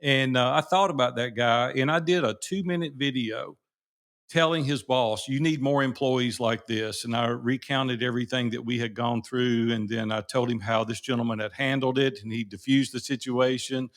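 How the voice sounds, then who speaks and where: A middle-aged man co-hosting a podcast from his home office, telling anecdotes in a lively, casual way and laughing easily. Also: mid-range voice, normal speed. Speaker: podcast co-host. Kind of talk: casual storytelling chat.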